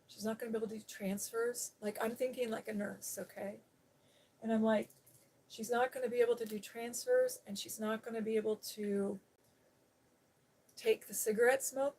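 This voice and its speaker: A woman hosting a live stream, talking casually and rambling through a personal story, quoting other people as she goes. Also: mid-range voice. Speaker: ASMR channel host. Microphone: seated on a day bed, live stream.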